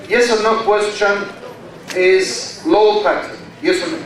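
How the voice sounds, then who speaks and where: Slow echoey Egyptian male lecturer. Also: high-pitched. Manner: slow and deliberate, quizzing students with questions. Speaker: university lecturer. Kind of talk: classroom lecture. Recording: very echoey classroom, mic far from speaker.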